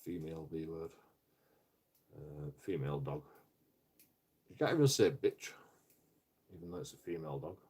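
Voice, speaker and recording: A man's voice: extremely low pitch, moderate pace, long pauses, darkish tone, slightly rough. A man ranting casually on a live stream, rambling and profane, with lots of stumbling restarts.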